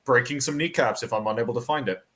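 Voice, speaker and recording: A man playing in a tabletop game, laying out his plans deliberately, point by point. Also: mid-range voice, a bit bright. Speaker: player. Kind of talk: casual tabletop game talk.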